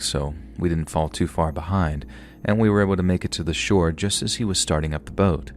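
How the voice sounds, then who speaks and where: A man reading a scary first-person story aloud as a scripted horror narration, with a steady storytelling manner. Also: low voice.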